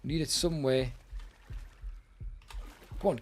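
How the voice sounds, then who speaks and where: British male streamer, slightly high voice, chatty and exasperated. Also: lively intonation, unhurried, a little mellow. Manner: chatty, exasperated banter with viewers. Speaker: game streamer. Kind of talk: live gaming commentary.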